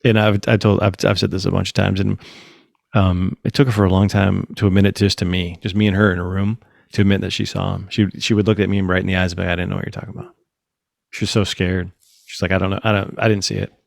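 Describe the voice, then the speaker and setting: A man with a low, gravelly voice, hosting a casual podcast chat. He tells stories with energy and acts out the other people's lines. The sound is close and dry. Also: fast talker, no room sound. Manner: animated storyteller, acts out quotes, swears casually. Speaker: podcast host.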